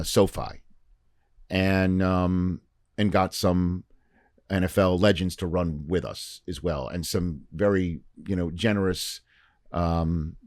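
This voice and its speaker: Middle-aged male podcast host, very low pitch, loose chatty storyteller, dry studio sound. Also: no room sound. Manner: rambling, animated anecdote-telling with many fillers. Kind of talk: casual storytelling chat.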